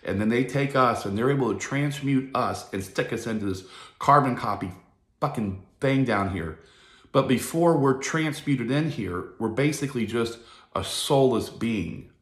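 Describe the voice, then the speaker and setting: A man's voice: mid-range voice, animated, normal speed, roomy sound. A man giving a rambling, profane casual monologue as a video host.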